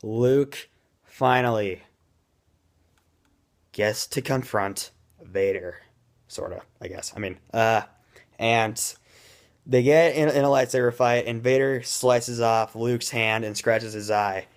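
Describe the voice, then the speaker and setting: A man giving a casual, rambling movie review in an excitable way, admitting he talks too fast. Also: mid-range voice, clean tone.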